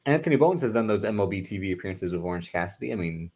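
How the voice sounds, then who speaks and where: A man co-hosting a wrestling podcast, easygoing and quick to laugh, chiming in with trivia. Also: on the low side, animated, a little mellow, husky. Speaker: podcast co-host. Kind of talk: casual wrestling chat.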